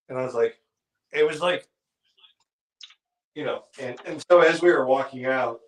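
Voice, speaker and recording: A man's voice: mid-range voice, normal speed, pauses often, low-quality recording. A man telling a long story in casual chat, rambling with many restarts and fillers and acting out the people in it. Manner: acts out the people in his story.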